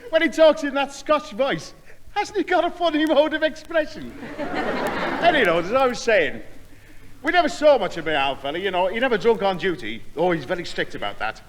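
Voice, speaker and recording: An actor playing a loud, overfamiliar neighbour who laughs at his own jokes, in a vintage radio comedy. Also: extremely high pitch, very animated, normal speed, long reverb tail, crowd noise, noisy background. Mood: jovial. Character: brash, joke-cracking middle-aged neighbour. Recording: old broadcast with studio audience laughter.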